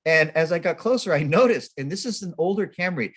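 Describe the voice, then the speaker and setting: Animated self-mocking male storyteller. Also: fairly high pitch, a little fast, husky. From Sacramento, California. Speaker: guest speaker at a temple service. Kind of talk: storytelling talk.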